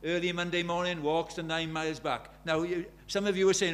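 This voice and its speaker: A man's voice: a little high, fairly even intonation, a little fast, a bit bright. A man preaching a sermon, telling stories in a conversational way and building to urgent emphasis.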